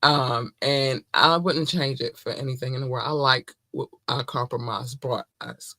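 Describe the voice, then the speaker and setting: A woman's voice: extremely low pitch, normal speed, a bit bright, slightly rough, no echo, studio quality. A woman hosting her podcast in a casual monologue, effusive and playful, often laughing. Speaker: podcast host.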